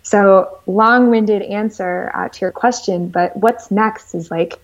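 A woman's voice: mid-range voice, slow pace. Woman rambling through a story, lots of "like"s, kinda muffled audio. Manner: animated, rambling, lots of "like" fillers. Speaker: guest entrepreneur. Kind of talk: casual storytelling interview.

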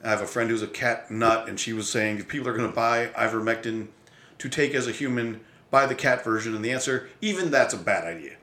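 A man's voice: medium pitch, fairly quick, sharp tone. Blunt, exasperated man in an echoey room. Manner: blunt, exasperated, swears casually. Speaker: podcast host. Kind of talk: opinionated solo commentary.

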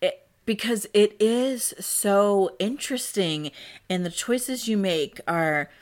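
A woman's voice: medium pitch, slow. A woman co-hosting a podcast in casual chat, chatty and rambling, laughing often. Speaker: podcast co-host.

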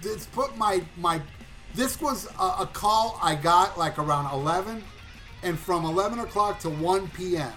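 A man casually telling a long story on a talk show, animated and profane, acting out voices and shouting at the punchlines. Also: high-pitched, normal speed, soft background music. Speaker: podcast co-host.

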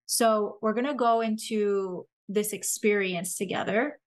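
Woman gently guiding a breathing exercise. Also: medium pitch. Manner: gentle, slow guiding instructions with soft laughs. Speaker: podcast host leading a somatic exercise. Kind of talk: guided breathing and humming exercise.

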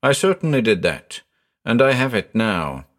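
A man voicing a polite, reserved gentleman researcher who speaks precisely, in a storybook reading. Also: lowish voice, very animated, normal speed. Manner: courteous and precise.

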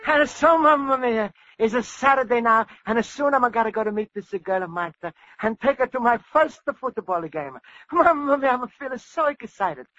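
An earnest, eager young Italian immigrant speaks polite broken English with a thick Italian accent. His voice sits very high and bright, a 1940s radio sitcom figure. The old broadcast sounds dull and dry. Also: animated, moderate pace, no echo, exaggerated voice. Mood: excited.

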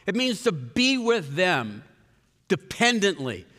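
A man delivers a conversational sermon, breaking off to restart his sentences and speaking straight to the congregation. His voice sits fairly high and sounds bright and forward. A long reverb trails behind his words, as in a large hall. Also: sing-song, slow. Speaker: pastor.

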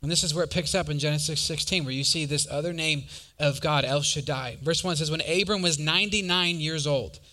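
Young man, preacher, sermon, bright voice, slightly high pitch, animated storytelling, asks audience questions. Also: brisk.

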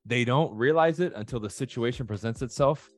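A man talking bluntly and profanely in a casual podcast chat, telling stories with animated quoted voices. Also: mid-range voice, fairly quick.

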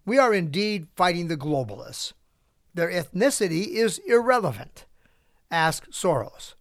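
A man's voice: on the high side, fairly bright tone, no room sound, studio quality. A middle-aged man hosting a podcast, reading out an opinion monologue with asides and chuckles. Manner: reads prepared remarks with asides and chuckles. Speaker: podcast host.

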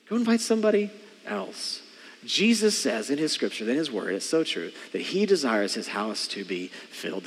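A man's voice: on the high side, in a large hall. A man preaching a sermon as pastor, emphatic and leading the congregation in call-and-response. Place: church sanctuary.

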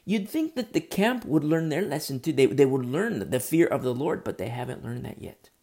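A man's voice: medium pitch, expressive, normal speed, darkish tone. A male preacher delivering a sermon with earnest storytelling, often restarting his phrases.

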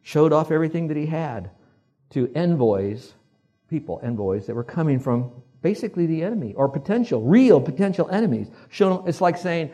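Husky-voiced male preacher. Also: fairly high pitch, big pitch swings, brisk, mellow, faint music behind. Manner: conversational preaching with audience call-and-response. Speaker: pastor. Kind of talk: sermon.

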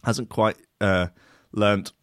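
A man's voice: lowish voice, steady tone, takes it slowly, a bit bright, smooth, no room sound, clean studio sound. A man hosting a show, reading odd news with sardonic, mock-outraged asides and lots of filler. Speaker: host. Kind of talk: comic news-reading riff.

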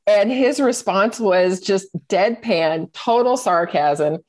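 A woman's voice: medium pitch, slow, darkish tone. A middle-aged woman talking as a podcast guest, candid and reflective, often searching for her words. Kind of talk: personal storytelling in conversation.

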